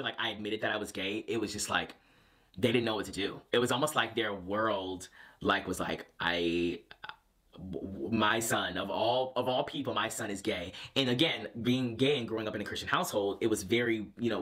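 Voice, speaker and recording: Animated young man telling a personal story. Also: fairly low pitch, fast. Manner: animated, lots of fillers and restarts. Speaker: vlogger. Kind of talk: casual storytelling.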